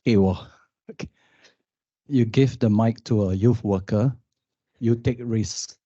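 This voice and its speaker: A man and youth worker on a conference panel, telling a story with lively questions to the audience. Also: on the low side, takes it slowly, no room sound, lo-fi sound.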